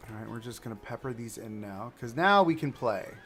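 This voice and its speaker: A man's voice: medium pitch, animated, fairly quick, a bit bright. A man casually talking through a theme park building game on a livestream, rambling to himself and to the objects he places. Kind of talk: casual gameplay commentary.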